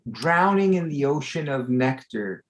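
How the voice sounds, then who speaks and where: A man's voice: fairly high pitch, expressive, a little slow. A man in a casual group discussion over a video call, conciliatory and searching for his words.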